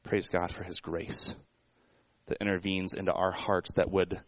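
A man's voice: low voice, level tone, unhurried, fairly bright tone, no echo, rough recording. A man preaching a sermon in a conversational way, asking the congregation rhetorical questions. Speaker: pastor.

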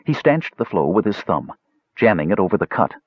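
A man narrating a fantasy audiobook in a measured, expressive reading on a dull, dry, lo-fi recording. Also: lowish voice, husky, dry recording. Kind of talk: scripted narration.

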